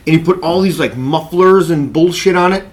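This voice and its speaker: Man co-host, chatty storyteller, voice a bit higher than most men. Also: moderate pace. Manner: storytelling, quotes others, laughs often. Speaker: podcast co-host. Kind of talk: casual chat.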